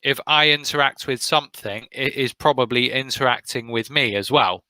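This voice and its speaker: A man's voice: mid-range voice, steady tone, normal speed, bright, forceful tone, smooth, no room sound, poor audio. A man from the UK with a British accent, teaching an online vocabulary lesson and encouraging students by name. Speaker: English teacher.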